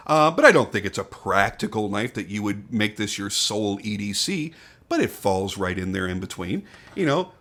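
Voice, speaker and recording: A man's voice: fairly low pitch, fairly bright tone. An older man casually reviewing a knife, talking off the cuff with frank opinions, swearing and restarts. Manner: candid, swears, thinks aloud with restarts.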